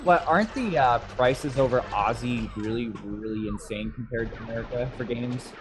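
A man's voice: mid-range voice, normal speed, noisy background. Joking man reading stream chat. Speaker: guest reading chat questions.

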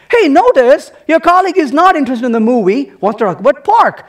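A man's voice: very high-pitched, sing-song, a little fast. A man giving a humorous technical talk to a live audience at a conference, playful and teasing, full of rhetorical questions. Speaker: conference speaker. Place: conference hall.

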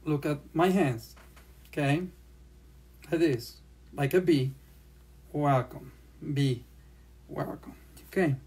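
Slow-paced sign language teacher. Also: medium pitch, darkish tone, slightly rough. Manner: speaks slowly, repeats phrases while demonstrating signs. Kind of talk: slow classroom lesson.

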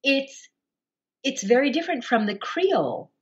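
A woman audiobook narrator, a guest on a podcast, explaining her craft at length with expressive, shifting emphasis. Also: sits high, measured pace, dull audio. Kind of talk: podcast interview answer.

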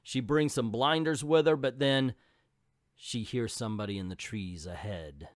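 A man's voice: medium pitch, measured pace, no room sound, studio quality. A man hosting a comic book video, recapping a story in a chatty, jokey way. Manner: chatty, jokey, owns up to slips. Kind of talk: casual commentary and recap.

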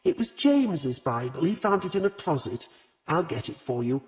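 A man doing a gentle, rueful vicar's wife. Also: on the high side, normal speed, voice pushed up. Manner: rueful and calm. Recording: dull lo-fi audio with long reverb.

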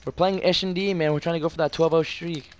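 A young man chatting over a game with his friends, his voice sitting a touch high. He is excitable and profane, swings between shouting hype and muttering to himself, and keeps up a constant stream of trash talk. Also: fast. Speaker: gamer host. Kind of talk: casual gaming chat.

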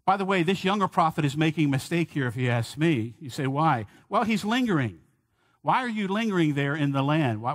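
Man, middle-aged pastor, sermon, earnest and emphatic, slightly high voice. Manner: earnest, emphatic preaching with rhetorical questions. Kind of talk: expository sermon.

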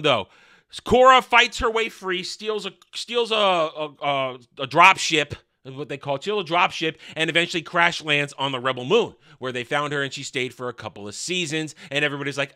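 A man with a high, piercingly bright voice tears into a film in an exasperated, sarcastic rant. He talks like a reviewer who can't believe what he sat through. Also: moderate pace, smooth. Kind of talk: ranting movie review commentary.

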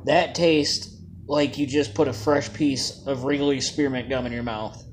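A man's voice: mid-range voice, fairly even intonation, unhurried, background noise. Laid-back man reviewing vape juice. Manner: laid-back, jokey, plain-spoken. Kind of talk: casual product review.

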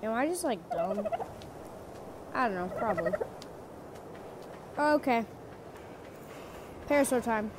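A woman giving casual, playful commentary on her own gameplay, chatting to the animals in the game and jumping between loud bursts and quiet mutters. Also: a little high, lively intonation, takes it slowly, pauses often. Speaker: gamer. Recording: loud background noise.

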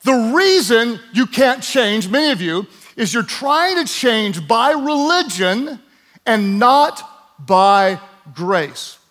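Preaching slowly in a very high, fairly bright voice, this male pastor is highly animated. He drives his sermon home emphatically, gets the congregation to say words back to him, and adds playful remarks along the way.

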